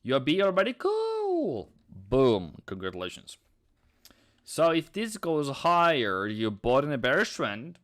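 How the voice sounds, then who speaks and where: A man's voice: mid-range voice, big pitch swings, measured pace, fairly bright tone. A man whose first language is Norwegian, chatting casually on a live trading stream and answering viewers' questions. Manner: chatty, reads chat aloud, sings snatches.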